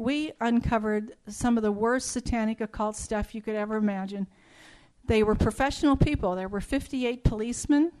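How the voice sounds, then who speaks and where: Middle-aged woman, slightly high voice, emphatic storyteller giving testimony, acts out dialogue. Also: a little mellow. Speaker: speaker telling a personal testimony. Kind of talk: spoken testimony to an audience.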